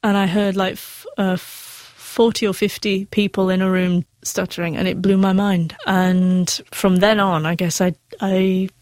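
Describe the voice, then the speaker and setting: A woman's voice: mid-range voice, level tone, unhurried, hardly any pauses, a little mellow, no echo. A middle-aged woman who stutters, telling her personal story candidly as an interview guest. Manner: stutters with sound repetitions, candid and earnest.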